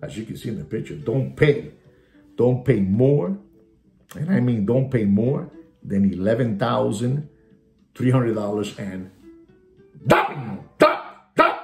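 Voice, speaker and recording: A gravelly-voiced man delivers a theatrical, mocking watch market update, hammering the same catchphrases and slipping into Spanish asides. His pitch swoops widely as he rants. The room is echoey, with faint guitar music behind him. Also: lively intonation, unhurried, warm tone.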